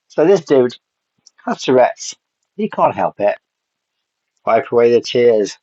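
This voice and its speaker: A man's voice: medium pitch, very animated, takes it slowly, long pauses, warm tone, no room sound. A man reviewing a film in a casual, rambling way, blunt and swearing offhandedly. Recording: dull lo-fi dry sound.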